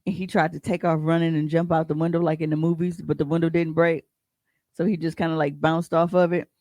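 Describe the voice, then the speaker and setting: A podcast co-host telling stories in a casual, profane and animated way, often breaking into laughs. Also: medium pitch, quick pace, no echo. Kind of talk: casual storytelling chat.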